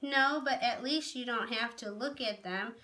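A woman's voice: on the high side, a little slow, bright, forceful tone. A woman voicing a bitter teenage boy with an intense, scornful way of talking, in a read-aloud storybook.

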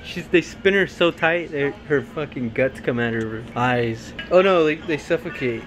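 A man's voice: on the high side, moderate pace, faint music behind. Rambling, joking man in casual chat. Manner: rambling, joking, profane commentary. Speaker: vlogger commenting on a film. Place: home while carving pumpkins.

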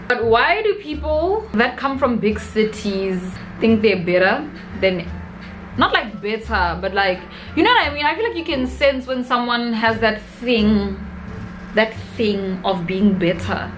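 Young South African woman vlogger, comedic rant, slang-heavy, higher voice, faint music behind. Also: unhurried, rough recording. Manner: animated, mixes local slang into English.

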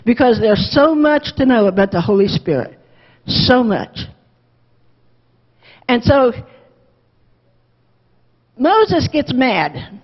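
A woman teaching a Bible lesson to a Sunday school class, lively, acting out the quotes and asking the class questions. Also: fairly high pitch, slow pace, long pauses, slightly rough. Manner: animated, acts out quotes, asks class questions. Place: church classroom. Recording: dull lo-fi with long church reverb.

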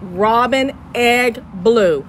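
Lively Southern woman radio host. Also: on the high side, drawn-out words, slight background noise. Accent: Southern US, East Texas. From East Texas. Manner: exuberant, preachy, repeats phrases.

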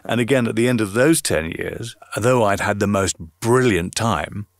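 An older man speaks, chatty and quick to laugh as he recalls his career. The sound is dry and close, with no room around it. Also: on the low side, no room sound. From Northern Ireland. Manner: chatty, laughs easily, many fillers. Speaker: voiceover artist guest. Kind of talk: relaxed anecdotal conversation.

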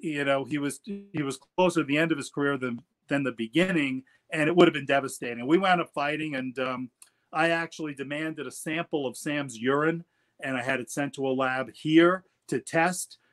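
Chatty middle-aged man, slightly high voice. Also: moderate pace, fairly bright tone. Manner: chatty, repeats words as he goes. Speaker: attorney guest. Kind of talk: casual interview storytelling.

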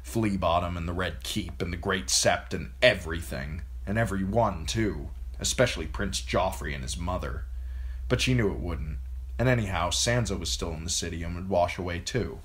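A man reading a novel aloud as an amateur audiobook narrator, in an expressive storytelling way. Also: low-pitched, normal speed.

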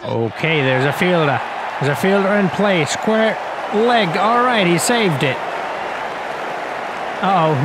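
A young man talks his way through a cricket video game in a loose, chatty play-by-play, jumping up in excitement when a big shot lands. His voice sits a little high for a man. A loud stadium crowd and clear game noise run underneath. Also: unhurried, pauses often. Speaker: gaming commentator.

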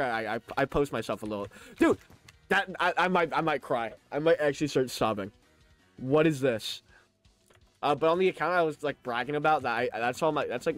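Young man talking through a lisp. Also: a little high. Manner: chatty and joking, laughs often, stammers on restarts. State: slurred lisp, mouth held open by new braces, full of saliva. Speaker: live streamer. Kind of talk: casual live-stream chat, reading chat aloud.

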